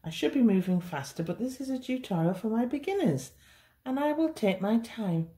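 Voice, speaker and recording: A woman's voice: on the high side, animated, moderate pace, warm tone. A woman teaching a beginners' cake decorating tutorial, chatty and reassuring. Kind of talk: hands-on baking tutorial.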